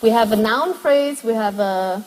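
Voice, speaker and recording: A woman's voice: on the high side, measured pace, long reverb tail, rough recording. A woman lecturing a university class, explaining step by step and putting questions to her students.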